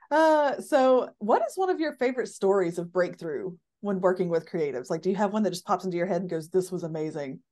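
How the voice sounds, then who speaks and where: A woman hosting a casual interview, enthusiastic and quick to laugh. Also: lowish voice, animated, dark tone. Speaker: podcast host.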